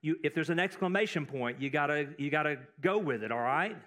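A man with a notably high voice preaches to his church in a loose, talky way. He wanders into asides and doubles up his words to stress a point. He grew up in Texas. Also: lively intonation, a little fast, pushed and bright. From Texas, United States. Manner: conversational, with asides and repeated words for emphasis. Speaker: pastor. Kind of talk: sermon.

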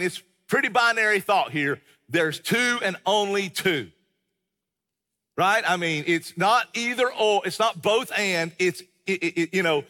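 A man's voice: high voice, bright, forceful tone. A man preaching a sermon in a church, emphatic and conversational, with many restarts. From American South. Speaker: pastor. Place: church sanctuary. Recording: long reverb of a large hall.

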